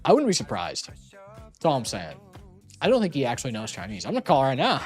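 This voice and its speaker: Young streamer rambling to chat, teasing and swearing, pitch bouncing all over, faint music behind. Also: big pitch swings, a little fast, a little mellow. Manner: teasing, laughs often, swears casually.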